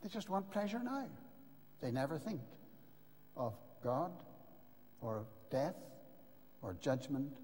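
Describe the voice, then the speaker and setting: Emphatic older preacher in a reverberant hall. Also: male voice, on the high side, a little mellow. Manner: earnest, emphatic, with dramatic pauses. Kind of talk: sermon. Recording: long reverb of a large hall.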